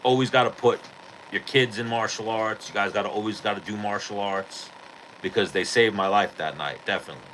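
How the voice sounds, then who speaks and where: A man hosting a podcast, telling a rough story in a low, forceful, bright voice. He is profane and animated, with a faint hiss of noise behind him. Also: a little fast, rough recording. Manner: profane, animated retelling of a street fight. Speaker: podcast host. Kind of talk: casual storytelling.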